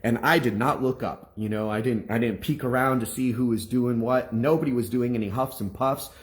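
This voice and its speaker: This minister's voice is mid-range and brisk as he recounts his own testimony to the congregation, with lively, meandering storytelling and frequent restarts.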